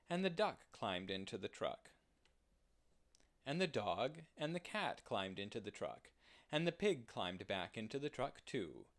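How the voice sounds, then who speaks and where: A man reading a children's picture book aloud slowly and gently, with expressive phrasing. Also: fairly low pitch. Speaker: storyteller. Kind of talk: children's storybook read-aloud.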